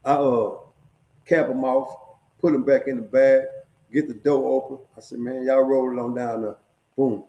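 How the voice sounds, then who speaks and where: A man's voice: mid-range voice, warm tone. A middle-aged man casually telling a story, streetwise and profane, often checking in with his listeners. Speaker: storyteller sharing prison stories. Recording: echoey room.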